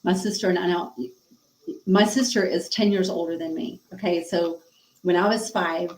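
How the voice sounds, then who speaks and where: A middle-aged woman with a fairly low voice speaks openly about her past, with emotion and frequent fillers. She acts out old conversations as she tells them. The sound is a little roomy, with echo around her. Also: steady tone, normal speed, a little mellow. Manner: emotional, frank, with many fillers and quoted dialogue. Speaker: podcast guest. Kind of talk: candid personal storytelling.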